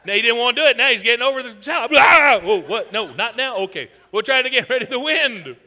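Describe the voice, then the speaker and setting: A man hosting a comedy show, teasing audience members in a loud, folksy way. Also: very high voice, animated, racing. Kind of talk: audience participation stand-up. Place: theater stage with live audience. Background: audience laughter.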